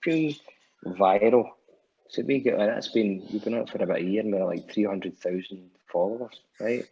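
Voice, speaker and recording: A man's voice: lowish voice, moderate pace, dark tone. A Scottish man, a musician guest, telling stories in casual chat, swearing freely and restarting often. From Scotland. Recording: dull lo-fi podcast audio.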